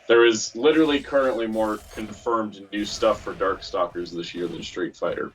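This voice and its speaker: A man on a game stream chatting casually, rambling excitedly like a fan with quick asides. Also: fairly low pitch. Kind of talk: casual chat. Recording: distant mic with music playing.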